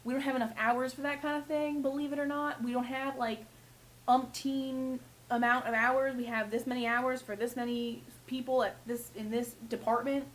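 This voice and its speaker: Exasperated high-voiced young woman ranting. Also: flat delivery, moderate pace, low-quality recording. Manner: exasperated, swearing, mimics customers. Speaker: retail worker. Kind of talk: casual vlog rant.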